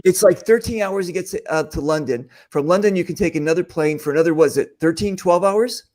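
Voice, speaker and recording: A man's voice: on the high side, fairly quick, darkish tone. A man hosting a casual chat, talking loosely and thinking aloud with asides.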